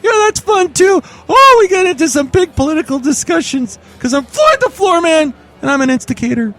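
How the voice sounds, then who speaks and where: A man voicing a gleeful, teasing male floor worker who likes to stir up arguments, in a very high, squeaky voice, with faint music behind. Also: sing-song, a little fast, pushed and bright, full character voice.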